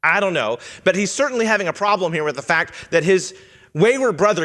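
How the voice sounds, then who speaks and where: A man's voice: high-pitched, expressive, brisk, fairly bright tone. Man preaching in a reverberant church hall. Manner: earnest, teaching, with quoted lines read in character. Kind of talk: sermon. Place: church sanctuary.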